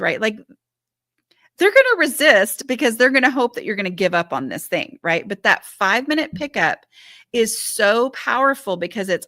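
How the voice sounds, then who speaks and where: A former teacher and mother who gives decluttering advice hosts a live-stream Q&A, reading viewer questions aloud and answering in a chatty, reassuring manner full of "like" and "um." Her mid-range voice is bright and forceful, captured clean in a studio with no room sound.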